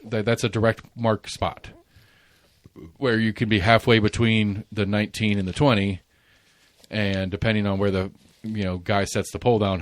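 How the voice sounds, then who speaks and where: A man's voice: on the low side, no room sound. A man in his forties hosting a casual podcast chat, rambling through stories with restarts and laughs. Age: 40s. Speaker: podcast host.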